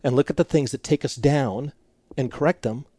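A man's voice: medium pitch, moderate pace, dark tone, no echo, studio quality. A middle-aged man and marriage counselor, a radio interview guest who talks animatedly, laughs often and restarts his sentences.

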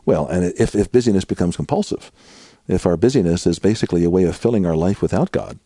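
A middle-aged man, a guest author, earnestly explaining prayer in a conversational interview and getting animated when he acts out prayers. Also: low voice, fast talker, breathy edge, no echo, studio quality.

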